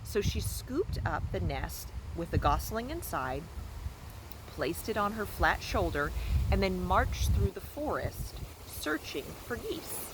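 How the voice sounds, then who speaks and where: A woman's voice: mid-range voice, very animated, takes it slowly, noisy background. A woman reading a children's novel aloud outdoors in a backyard fort, recorded on a phone, with casual asides. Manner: casual asides between narration. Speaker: storybook reader.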